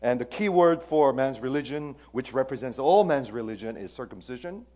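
A male pastor delivering a sermon, his voice sitting at an ordinary middle pitch. He questions the congregation directly. He punches key words loudly and then drops to hushed, almost whispered lines for weight. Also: lively intonation, moderate pace. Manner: emphatic, swings between loud stresses and hushed near-whispers.

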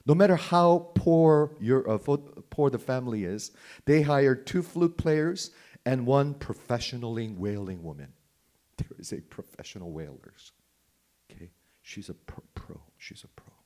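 A man's voice: medium pitch, a little mellow. A man preaching a sermon, asking the listeners questions and swinging from emphatic stress down to a near-whisper. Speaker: pastor.

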